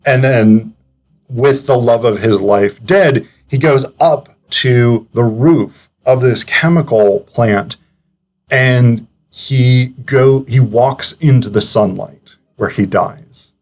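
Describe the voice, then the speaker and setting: A man's voice: medium pitch, slow, darkish tone. A man giving casual, analytical commentary as a film reviewer, chatty and digressive, with frequent hesitations.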